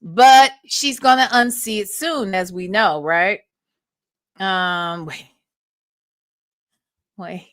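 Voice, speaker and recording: A woman's voice: medium pitch, very slow, pauses often, a bit bright, no echo, studio quality. A woman hosting a livestream, giving blunt, profane commentary and talking back to the recordings she plays. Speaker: livestream host. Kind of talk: casual commentary on played recordings.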